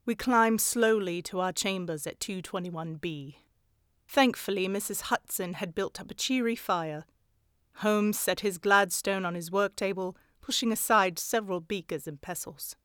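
Smooth-voiced woman narrating a story. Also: medium pitch, a little slow, dry recording, clean studio sound. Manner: steady, even storytelling. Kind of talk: scripted audiobook narration.

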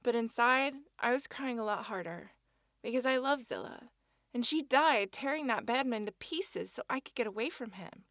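A woman's voice: a little high, expressive, moderate pace, fairly bright tone, dry recording, studio quality. A woman narrating a first-person children's story in an earnest, childlike telling.

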